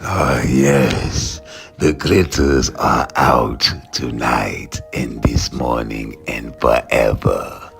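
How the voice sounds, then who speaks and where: A man playing a sinister announcer who warns of a hungry critter, in a slow gravelly voice. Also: extremely low pitch, faint music behind, heavily acted. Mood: menacing. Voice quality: gravelly, drawn-out.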